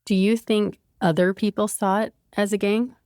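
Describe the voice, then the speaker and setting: A woman's voice: mid-range voice, steady tone, normal speed, a little mellow, no room sound, clean studio sound. A woman hosting a podcast, asking short, prompting interview questions. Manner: brief prompting questions and affirmations. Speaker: podcast host.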